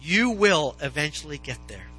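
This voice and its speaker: A man preaching a sermon to his congregation, animated and swinging into loud, dramatized questions. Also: a little high, moderate pace, soft background music, poor audio. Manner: animated, rising to near-shouts in dramatized questions. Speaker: pastor. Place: church sanctuary with congregation.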